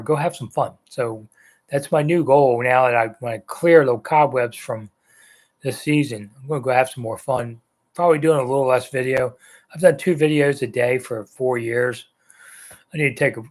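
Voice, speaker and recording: A man in his sixties hosting a live sports chat, answering viewer comments in a loose, rambling way. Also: medium pitch. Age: 60s. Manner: rambling, conversational, with frequent ums and uhs. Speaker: sports talk host.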